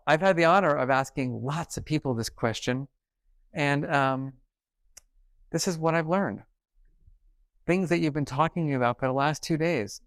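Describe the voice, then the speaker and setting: Middle-aged male keynote speaker, mid-pitched, animated storytelling, dry stage mic. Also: creaky, no echo. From New York. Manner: animated, acts out quoted dialogue. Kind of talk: conference talk, storytelling. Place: conference stage.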